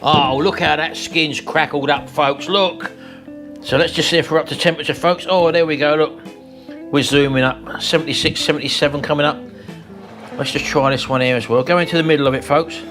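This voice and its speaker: A man's voice: on the high side, fairly even intonation, a little fast, over music. Chatty man hosting a kitchen vlog. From England. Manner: chatty, enthusiastic, keeps addressing viewers as folks. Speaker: cooking channel host. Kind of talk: casual cooking vlog chat. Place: home kitchen.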